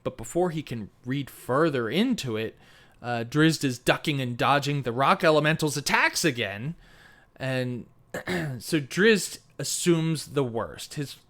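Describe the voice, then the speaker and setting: A man's voice: medium pitch, animated, a little slow, a bit bright. A man co-hosting a book podcast, talking animatedly with lots of fillers and laughter. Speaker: podcast co-host. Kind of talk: casual book discussion.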